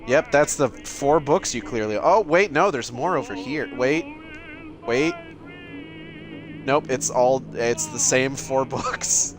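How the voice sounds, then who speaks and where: A man's voice: mid-range voice, lively intonation, takes it slowly, music in the background. A young man giving casual, sarcastic gameplay commentary, joking and swearing as he plays. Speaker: let's play gamer.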